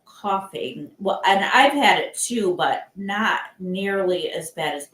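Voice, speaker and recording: A woman's voice: mid-range voice, animated, takes it slowly, a bit bright, roomy sound, poor audio. An older woman from Michigan hosting a casual live chat, rambling with lots of fillers and restarts. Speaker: live stream host.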